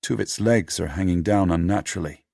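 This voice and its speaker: A man narrating an audiobook in a steady, measured storytelling manner. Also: deep voice, vocal fry, no echo, studio quality.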